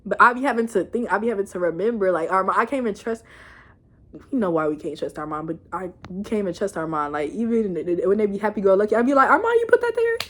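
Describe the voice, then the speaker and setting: A woman casually recapping a TV episode in an animated, slangy, rambling way. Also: medium pitch, fast talker, a little hiss or hum. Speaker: show reviewer.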